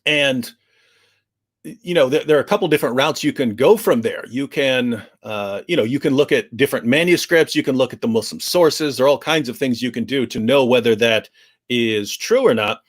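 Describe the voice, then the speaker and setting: A man giving an animated explanation on a livestream discussion, restarting sentences often and acting out quoted speech. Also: medium pitch, moderate pace. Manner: frequent restarts, acts out quotes.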